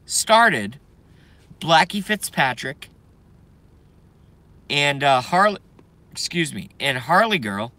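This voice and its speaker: A middle-aged man ranting angrily on his live stream, swearing, breaking off to apologize, his voice going hoarse from a day of talking. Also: fairly high pitch, big pitch swings, takes it slowly, pauses often, pushed and bright. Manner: angry, profane ranting with sudden outbursts and apologies.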